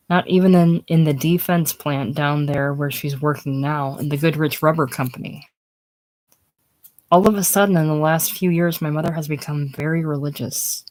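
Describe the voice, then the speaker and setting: A woman voicing a chatty, excitable young woman who rattles on about her stage triumph, in a casual script reading. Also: deep voice, natural voice, poor audio. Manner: rattles on breathlessly, gushing.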